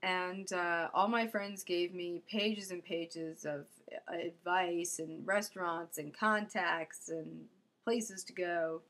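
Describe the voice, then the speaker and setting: A woman's voice: on the low side, fairly even intonation, takes it slowly, a bit bright. Young woman, wry storyteller, self-mocking, comic, personal anecdote. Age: young adult.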